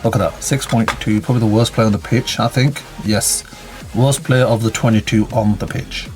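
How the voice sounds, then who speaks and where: A man's voice: on the low side, steady tone, moderate pace, darkish tone, faint music behind. A man giving casual, chatty commentary on a football management game, reacting to each play and calling out his players.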